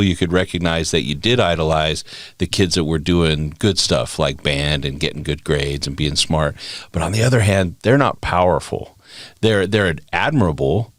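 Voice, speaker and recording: A man with a very deep, low voice co-hosts a podcast interview. He asks questions and reflects in a thoughtful, easy way. The recording is dry and close. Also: dry recording. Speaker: podcast co-host. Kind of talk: conversational interview.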